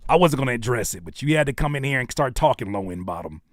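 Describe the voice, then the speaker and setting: A man in his thirties, a rapper and YouTuber, reacting to comments in an animated comedic rant, mocking and teasing with sudden loud outbursts. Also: mid-range voice, fast talker, dry recording, studio quality.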